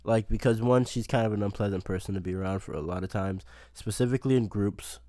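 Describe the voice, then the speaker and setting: A man's voice: lowish voice, quick pace, mellow, no echo. A man co-hosting a podcast, telling a story in casual chat and swearing often. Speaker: podcast co-host.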